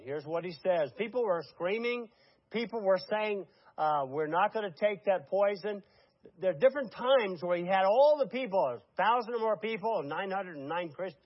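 An older male pastor with a high voice preaches to his congregation. He talks with plenty of fillers and restarts, then climbs to fervent, emphatic peaks. The recording sounds muffled and lo-fi. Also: no room sound. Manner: impassioned, building to emphatic peaks, with frequent fillers. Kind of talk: sermon. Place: church congregation.

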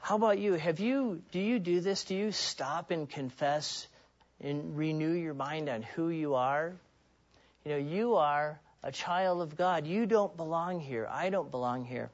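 A man's voice: on the high side, a little slow, muffled recording. A man preaching a sermon in an earnest, personal way, often restarting and repeating words.

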